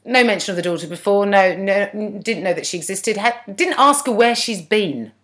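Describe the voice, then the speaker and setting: A woman co-hosting a TV recap podcast. She is wry and rambling, and her pitch bounces a lot. Her voice sits mid-range for a woman. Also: lively intonation, brisk, fairly bright tone. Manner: chatty, digressive, wry. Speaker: podcast co-host. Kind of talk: casual chat recapping a TV episode.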